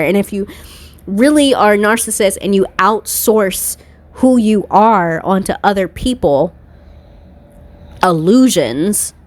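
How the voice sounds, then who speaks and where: A woman's voice: mid-range voice, no echo. A woman giving a casual tarot reading in a blunt, profane way, with laughing asides. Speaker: tarot reader.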